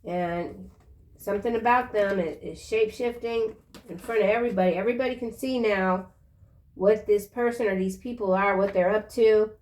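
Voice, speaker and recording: A woman giving a casual tarot reading in a chatty, slangy way, breaking into excited exclamations. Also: medium pitch, moderate pace. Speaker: tarot reader.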